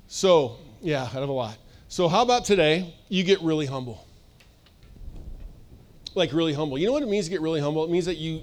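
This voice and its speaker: A man preaching a sermon at a church service, casual and animated, acting out voices and laughing often. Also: fairly high pitch. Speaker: pastor.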